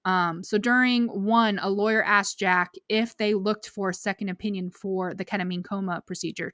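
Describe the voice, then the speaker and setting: A woman's voice: mid-range voice, fairly bright tone, no room sound. Podcast woman recapping earnestly, dry sound. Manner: earnest storytelling, reads quotes aloud. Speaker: podcast co-host.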